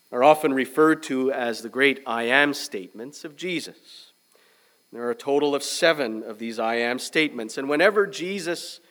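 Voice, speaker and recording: A man preaching a sermon as pastor, measured and emphatic, with a young son. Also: medium pitch. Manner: measured preaching, loud emphatic start easing to quieter reflective tone.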